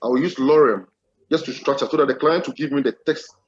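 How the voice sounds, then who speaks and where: A man's voice: mid-range voice, fast, highs cut off. A man taking part in an online coding class. He eagerly explains the lesson back in full sentences. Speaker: student. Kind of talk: class discussion. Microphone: video call.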